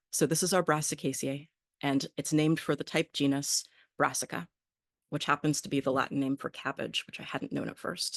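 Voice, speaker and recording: A woman's voice: low voice, gravelly, breathy edge, no room sound, clean studio sound. A woman teaching an online botany class, friendly, with many ums and small laughs.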